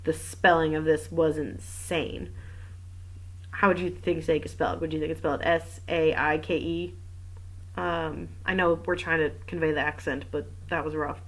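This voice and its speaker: A woman's voice: deep voice, fairly even intonation, normal speed, rough recording. A woman reading a mystery novel aloud, breaking off for wry, chatty asides about the text. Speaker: reader and commentator.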